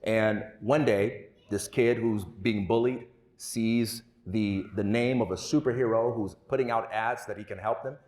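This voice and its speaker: A man's voice: lowish voice, a little slow, few pauses. Man giving a storytelling talk in an echoey hall. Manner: storytelling, animated. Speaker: conference speaker. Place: conference hall. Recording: roomy hall echo.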